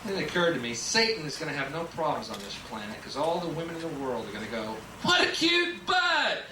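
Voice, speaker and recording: A man's voice: mid-range voice, lively intonation, quick pace. A young man doing a sardonic stand-up routine on a club stage, sometimes slipping into mocking voices. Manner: sardonic, shifts into mocking mimicry. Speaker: stand-up comedian. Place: comedy club stage before a laughing audience. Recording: roomy, distant club tape with loud hiss.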